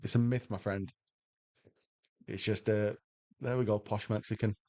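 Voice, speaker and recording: A man's voice: lowish voice, fairly even intonation, normal speed, warm tone, no room sound. An English man livestreaming slots, chatting casually and rambling as he answers viewers' questions aloud. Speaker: slot livestreamer. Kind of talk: casual chat with stream viewers.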